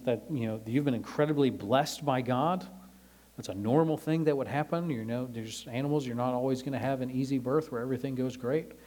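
Man teaching scripture, relaxed. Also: mid-range voice. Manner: relaxed, with frequent "um" fillers; explains scripture in everyday paraphrase. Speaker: Bible teacher. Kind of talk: conversational Bible teaching.

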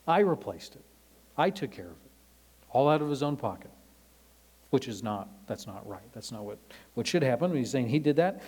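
A man giving a conversational Bible lesson, relaxed and filling pauses with frequent "um"s while he explains passages in everyday words. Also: mid-range voice, breathy edge. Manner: explains scripture in everyday paraphrase. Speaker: Bible teacher.

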